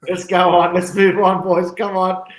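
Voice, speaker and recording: A man's voice: high voice, level tone, normal speed. Stubborn man on a footy panel. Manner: stubborn, repeats his point. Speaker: podcast co-panellist.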